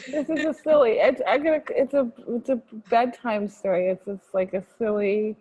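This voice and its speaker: A woman chatting casually and guiding a tapping exercise, sleepy and soft, with halting restarts. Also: on the high side, fairly even intonation, muffled recording. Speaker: EFT tapping practitioner. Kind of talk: casual chat and guided tapping.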